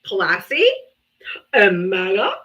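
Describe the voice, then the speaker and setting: A woman's voice: medium pitch, big pitch swings, slow, fairly bright tone, highs cut off. A woman hosting a live streamed political debate, brash and profane, mocking her guests with laughter. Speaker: livestream host.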